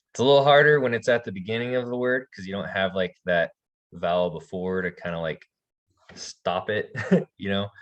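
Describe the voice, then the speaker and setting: Slow, deep-voiced man teaching. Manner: relaxed, demonstrates sounds slowly with soft laughs. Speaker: language teacher. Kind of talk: online language lesson.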